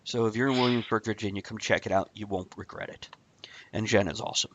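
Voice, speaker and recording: A man hosting a casual talk show, telling a rambling shaggy-dog story with deadpan asides. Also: lowish voice, fast talker, dull audio.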